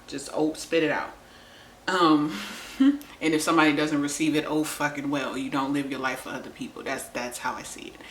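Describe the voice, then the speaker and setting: Blunt, lower-voiced woman in a roomy space. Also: fairly bright tone, a little hiss or hum. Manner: blunt and profane, laughs often. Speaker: vlogger. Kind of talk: candid relationship talk to camera. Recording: roomy echo.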